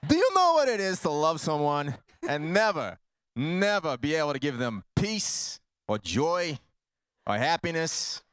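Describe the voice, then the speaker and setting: A man's voice: a little high, very animated, unhurried, a bit bright, clear, resonant tone, dry recording, studio quality. A man voicing an anguished, earnest lover, with a put-on New York accent. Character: anguished man speaking of love.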